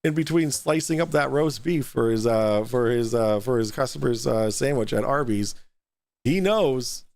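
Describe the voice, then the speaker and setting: A man's voice: mid-range voice, lively intonation, moderate pace, darkish tone, no room sound. A man hosting a live stream, mocking and sarcastic, laughing often as he comments. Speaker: host reacting to a debate stream.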